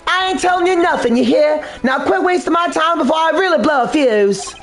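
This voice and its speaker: A man's voice: extremely high pitch, lively intonation, a little fast, a bit bright, soft background music, voice pushed up, exaggerated voice. A man voicing a hot-tempered young southern woman who snaps back indignantly in a put-on Southern drawl. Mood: angry. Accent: put-on American Southern. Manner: snapping, indignant, folksy.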